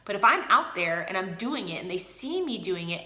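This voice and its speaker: A woman's voice: medium pitch, lively intonation, a little fast, hardly any pauses, sharp tone, reverberant. A woman leading a sales team, chatting casually and energetically in a motivational live video, answering viewers by name. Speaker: team leader of a direct sales group.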